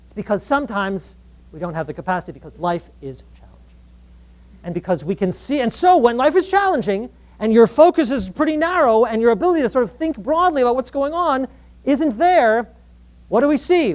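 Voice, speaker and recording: A woman giving a lively public lecture on relationships. She acts out quoted dialogue and often restarts her sentences. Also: fairly high pitch, brisk. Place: live event before an audience.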